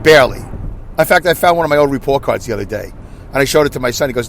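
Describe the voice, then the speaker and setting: A man in his fifties with a New York accent, hosting a podcast in a loud, rambling, self-deprecating monologue. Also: medium pitch, lively intonation, racing, creaky, a little hiss or hum. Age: 50s. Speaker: podcast host. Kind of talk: casual monologue.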